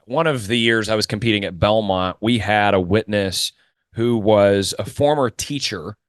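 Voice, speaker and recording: A man's voice: fairly low pitch, normal speed, dry recording, studio quality. A man hosting a podcast interview who coaches mock trial and asks thoughtful, long framing questions. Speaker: podcast host.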